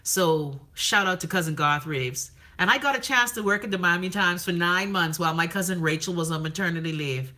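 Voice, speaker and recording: A woman's voice: lowish voice, normal speed, few pauses. Blunt Bahamian woman chatting live. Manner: blunt, profane, lively commentary. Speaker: live stream host. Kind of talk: casual live-stream chat reading comments.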